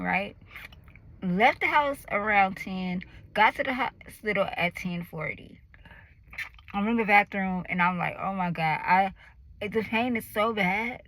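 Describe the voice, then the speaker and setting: A woman in her thirties telling a personal story in a lively, animated way, acting out the voices and cries of the moment. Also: medium pitch, no room sound, poor audio. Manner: animated, acts out her own screams and quoted voices. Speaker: vlogger.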